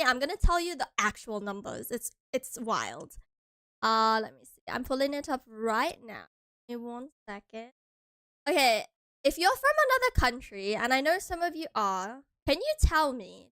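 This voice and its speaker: A woman's voice: sits high, sharp tone, smooth, dry recording. A young American woman streaming and chatting casually with her viewers, playful and giggly. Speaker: vtuber streamer.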